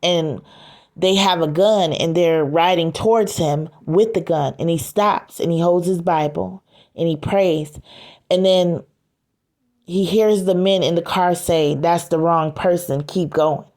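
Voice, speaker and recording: Slow, low-voiced woman retelling a scene. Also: a little mellow. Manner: hesitant, many filler sounds. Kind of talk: casual retelling of a story scene.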